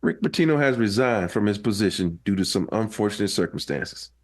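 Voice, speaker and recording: Easygoing, low-voiced podcast man. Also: lively intonation, brisk. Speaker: podcast co-host. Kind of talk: casual sports podcast chat.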